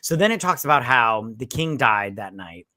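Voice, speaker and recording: Man, casual movie chat, swearing, animated retelling, mid-pitched voice. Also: normal speed, no room sound, studio quality. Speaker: movie review co-host.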